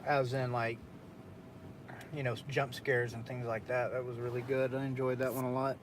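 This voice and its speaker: A man's voice: medium pitch, level tone, moderate pace, noisy background. A young man hosting a casual late-night stream, telling a story in a loose, profane way with frequent laughs. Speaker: streamer host.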